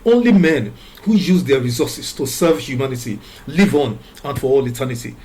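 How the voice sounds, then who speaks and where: A man from Nigeria delivering a preachy moral commentary, reading scripture in a measured way, then pressing his points with repeated words and rhetorical questions. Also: mid-range voice, mellow. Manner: reads scripture aloud in a measured way.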